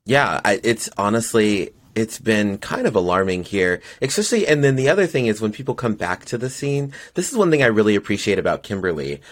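A young man with a low voice that swings widely up and down as he chats. He hosts a casual podcast and tells stories animatedly, jumping into higher voices for quoted lines. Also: brisk, hardly any pauses. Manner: animated storyteller, acts out quotes in high voices. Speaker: podcast host, drag performer.

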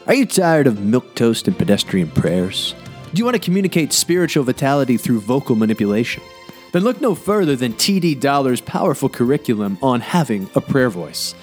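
A man voicing the announcer of a mock infomercial, with a salesy, booming pitch. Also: big pitch swings, a little fast, darkish tone, soft background music, lightly acted. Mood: pitchy. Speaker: announcer in a parody ad.

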